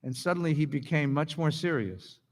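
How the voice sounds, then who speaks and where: A male rabbi tells a story in his sermon, fairly high-pitched for a man. He speaks from a synagogue sanctuary, with his voice trailing off in a long reverb. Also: animated, moderate pace. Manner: storytelling, leads the congregation. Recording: long reverb of a large hall.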